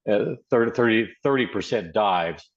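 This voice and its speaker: An American man in casual chat, talking haltingly with many repeated words. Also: on the low side, animated, dull audio. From United States.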